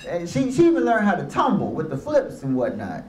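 High-voiced man addressing an audience. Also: wildly swooping pitch, fairly quick, crowd noise. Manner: storytelling with call-and-response. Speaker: motivational speaker. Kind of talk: motivational speech to youth and parents. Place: room with a live audience. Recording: echoey room.

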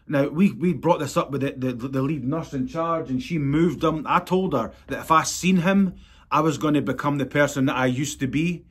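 A man's voice: fairly high pitch, breathy edge. A man, a tattoo artist talking straight to his viewers in a vlog, blunt, angry and sweary. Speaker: tattoo artist and channel host. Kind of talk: direct-to-camera vlog update.

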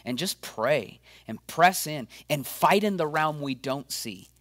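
A man's voice: on the high side, slow, no room sound. Encouraging male pastor, dry sound. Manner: energetic, encouraging, acts out quoted voices. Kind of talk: video sermon update.

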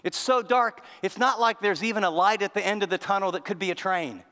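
A male pastor giving a sermon in a conversational style, swinging between soft, low passages and louder, raised lines. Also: fairly quick. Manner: conversational preaching, acts out quoted voices, shifts between loud and soft. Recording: long reverb of a large hall.

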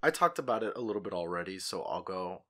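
A young man with a fairly low voice co-hosts a podcast in an easygoing, casual way. He swears offhandedly and rambles through his memories. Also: lively intonation, fast, pushed and bright. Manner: laid-back, swears casually. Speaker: podcast co-host. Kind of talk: casual chat.

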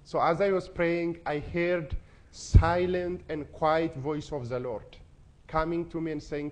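A man's voice: on the high side, steady tone, measured pace. Earnest man telling his testimony. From Ethiopia. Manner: earnest, emotional storytelling. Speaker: speaker. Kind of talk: personal testimony.

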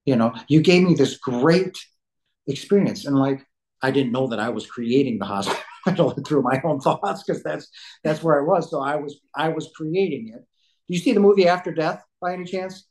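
A man's voice: a little high, normal speed, a little mellow, poor audio. A man speaks as a podcast guest, telling a personal story in an emphatic, outspoken way. He rambles, restarts his sentences and drops blunt words for emphasis. His delivery is loose and conversational. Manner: rambling with many restarts and fillers.

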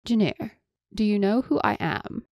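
A woman voicing a cautious, high-ranking woman who speaks carefully and reassuringly in an audiobook. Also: a little slow, dry recording, lo-fi sound.

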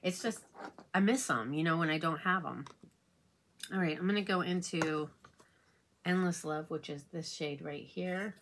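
A woman's voice: low voice, vocal fry, a bit bright, a little hiss or hum. A woman beauty vlogger chatting casually while doing her makeup, rambling and confiding as she talks. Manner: rambling and confiding, many fillers like "you know what I mean".

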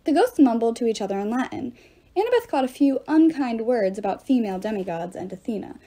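Expressive woman reading a novel aloud. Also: a little high, fast. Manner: expressive storytelling. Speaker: audiobook reader.

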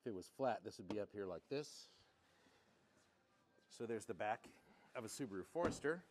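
A man working as a car salesman gives a casual walkaround demo indoors, talking in a hushed golf announcer voice. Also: on the low side, lively intonation, normal speed, slight background noise.

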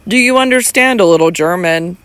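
A man's voice: sits high, a little fast, bright, forceful tone, clear, resonant tone, no echo. A man reading as a shy, awkward young painter. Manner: hesitant, apologetic.

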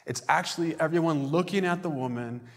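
A man's voice: fairly high pitch, brisk, in a large hall. A male pastor preaching a conversational sermon in a church and now and then acting out the voices of the people in his text. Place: church sanctuary.

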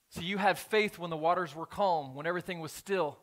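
Male pastor, slightly high voice, sermon delivery in a church, hushed scripture reading rising to emphatic appeals. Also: fairly quick, few pauses. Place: church sanctuary.

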